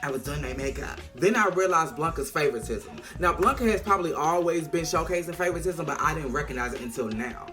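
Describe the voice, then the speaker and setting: Animated, profane woman recapping a TV episode. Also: sits low, fast talker, hardly any pauses, faint music behind. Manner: profane, animated, acts out lines. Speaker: TV recap vlogger.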